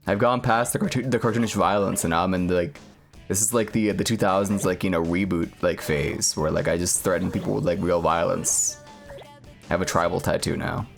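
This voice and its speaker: Low gravelly streamer dude, rambly deadpan chat full of likes. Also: male voice, brisk, faint music behind. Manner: rambling, heavy on filler words, deadpan jokes. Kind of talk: casual gaming stream chat.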